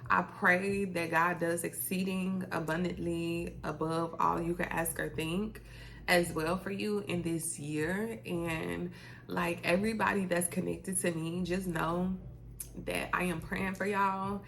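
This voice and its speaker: A woman's voice: lowish voice, level tone, unhurried, vocal fry, fairly bright tone, slight background noise. A woman, a beauty vlogger chatting to her viewers in a talkative, heartfelt way. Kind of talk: casual chat to camera.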